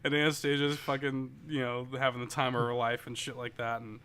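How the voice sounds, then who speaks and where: Bright-voiced man rambling casually. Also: medium pitch, monotone, brisk, smooth. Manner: rambling, profane storytelling with lots of fillers. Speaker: podcast co-host. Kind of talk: casual chat.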